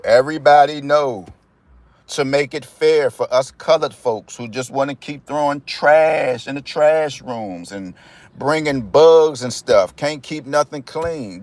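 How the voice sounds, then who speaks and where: A man's voice: a little high, no room sound. Rambling D.C. man chatting to viewers. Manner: rambling, talks straight to viewers with slang. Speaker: lottery tips vlogger. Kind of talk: casual chat to viewers.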